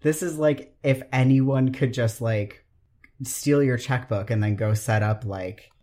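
A podcast host retells scenes in a lively, casual way. The host swears freely and acts out the lines as they go. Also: mid-range voice, unhurried. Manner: lively, profane retelling with acted-out quotes.

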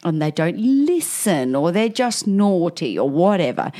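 Laughing woman co-host, lowish voice. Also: big pitch swings, unhurried, mellow. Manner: candid, laughing storyteller who acts out quotes. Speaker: podcast co-host. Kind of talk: casual chat.

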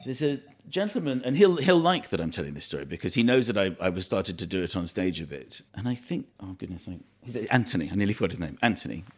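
A man telling a funny story in casual chat, self-deprecating and animated. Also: low voice, fast talker, few pauses, breathy edge. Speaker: guest storyteller.

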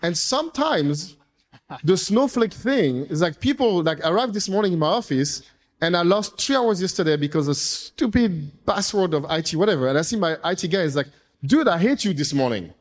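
A man, an entrepreneur, speaking casually to an audience, telling animated, rambling stories with playful swearing. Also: sits high, normal speed. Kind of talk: casual storytelling talk. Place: event room with audience.

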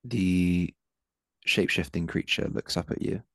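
Deep-voiced man running a tabletop game. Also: measured pace, a bit bright, no room sound, studio quality. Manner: descriptive, with frequent um and uh. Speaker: game master.

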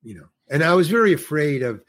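An octogenarian from New York, guesting on a podcast, talks fast in a very animated, higher-leaning voice. He tells a wandering anecdote, performing the quoted dialogue as he goes.

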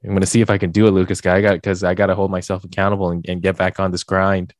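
A young man hosting a podcast in casual chat, rambling with lots of fillers and getting animated when he jokes. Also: deep voice, rapid-fire, no room sound. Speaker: podcast host.

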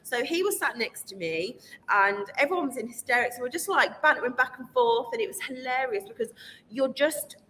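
A woman guest in a casual chat, telling lively stories and laughing often. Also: sits high, a little fast. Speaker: podcast guest. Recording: roomy reverb with faint noise.

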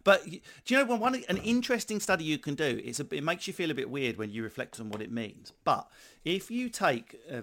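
A man with an Essex accent talks loosely and bluntly, swearing freely and laughing through his banter. He sounds like he is in his thirties, and his voice sits at an ordinary middle pitch for a man. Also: a bit bright. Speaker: podcast host. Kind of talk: casual chat.

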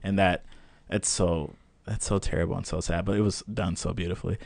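A young man chatting as a podcast guest, animated and joking, laughing often. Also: low voice, brisk, creaky, no echo. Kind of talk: casual interview chat.

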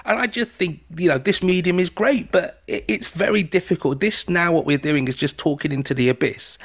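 A man's voice: high voice, brisk. A man co-hosting a casual podcast chat, rambling and enthusiastic with frequent restarts. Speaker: co-host.

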